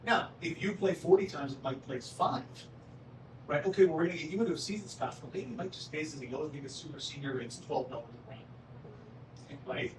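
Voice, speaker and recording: A man's voice: on the high side, animated, fairly quick. Casual man presenting at a town hall. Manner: casual and joking, lots of "right?". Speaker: golf course manager presenting at a town hall. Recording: roomy, distant mic with faint background noise.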